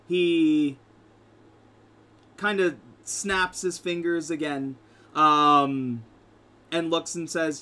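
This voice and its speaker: A man's voice: a little high, fairly even intonation, extremely slow, long pauses, bright, forceful tone. A man narrating a tabletop game as game master, rambling with lots of fillers.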